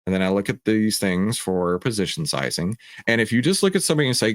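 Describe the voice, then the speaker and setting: A man hosts a casual livestream, animated and digressive, breaking off mid-thought and starting again. His pitch moves a lot as he talks. The sound is close and dry. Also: quick pace, no room sound. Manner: animated, digressive, self-interrupting. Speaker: host.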